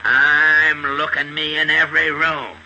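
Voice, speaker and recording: A man's voice: on the high side, little pitch movement, a little slow, pushed and bright, lo-fi sound, exaggerated voice. A man voicing a boastful, bumbling police inspector who talks tough and slangy, in 1940s radio comedy style on a noisy old recording. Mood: blustering.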